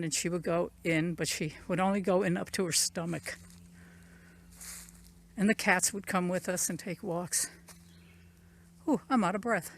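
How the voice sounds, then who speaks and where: A woman's voice: on the low side, gravelly, slight background noise. A woman giving a casual, rambling walking tour of her rural land outdoors. She points things out as she goes, recorded on a phone she carries. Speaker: channel owner giving a property tour. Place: outdoors in rural woods and fields. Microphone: phone camera carried while walking.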